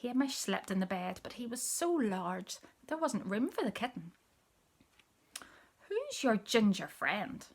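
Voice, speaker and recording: A woman reading a picture book aloud, telling the story softly, often in a whisper, and pointing out the pictures. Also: medium pitch, animated, moderate pace, creaky, few pauses. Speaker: storybook reader.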